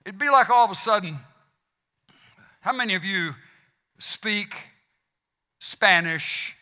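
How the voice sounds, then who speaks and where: A man with a Southern US accent preaching a sermon as pastor, animated and fired up, stumbling over restarts as he goes. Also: high voice, slow. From South Mississippi. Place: church sanctuary. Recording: long hall reverb.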